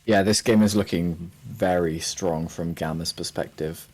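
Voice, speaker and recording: A man co-commentating on a card game, breaking down the board in a measured, analytical way. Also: deep voice, steady tone, darkish tone, soft background music.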